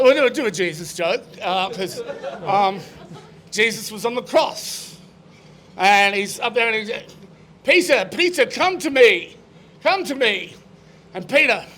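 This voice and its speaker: A middle-aged stand-up comedian, telling jokes on stage as an animated storyteller who delivers his punchlines loudly. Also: high-pitched, slight background noise.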